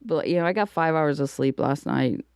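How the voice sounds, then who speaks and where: Woman, lowish voice, animated storyteller, laughs a lot, dry sound. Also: moderate pace, vocal fry, clean tone, no echo. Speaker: comedian guest. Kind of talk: casual podcast chat.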